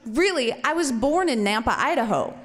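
A man's voice: extremely high pitch, expressive, moderate pace, long reverb tail, noisy background. A woman voicing a friendly male police sergeant who chats apologetically. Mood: amused. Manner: apologetic, chatty.

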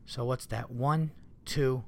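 A man's voice: mid-range voice, steady tone, slow pace, darkish tone, a little hiss or hum. A man hosting a solo podcast, rambling casually, cursing often and getting exasperated. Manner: rambling, profane, easily exasperated. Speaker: comedian podcast host.

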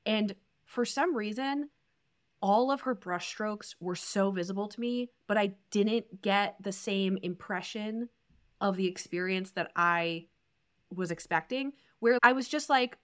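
A woman's voice: medium pitch, expressive, a little slow. Woman podcast co-host, casual book chat, emphatic delivery.

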